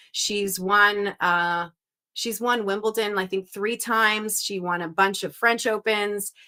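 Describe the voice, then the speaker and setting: Woman, young adult, from Western Canada, live-stream host, casual chat, upbeat, tense bright tone. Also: mid-range voice. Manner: upbeat, chatty, reads out viewers' guesses.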